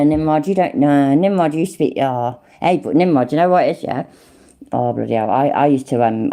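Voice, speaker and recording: A woman from the English Midlands, with an East Midlands accent and a mellow bass voice, hosts a livestream. She chats casually and swears, greeting viewers and responding to the chat.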